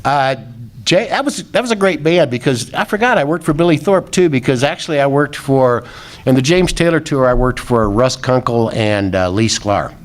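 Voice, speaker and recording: A man's voice: medium pitch, normal speed. An older man, a former rock roadie, telling rambling anecdotes in a casual interview and chuckling as he goes.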